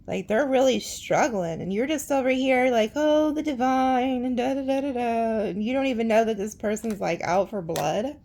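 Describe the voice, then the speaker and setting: Gravelly, chatty woman reading tarot. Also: a little high, moderate pace, few pauses, a little mellow. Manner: chatty, dramatic, laughs often, blunt slang. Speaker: tarot reader.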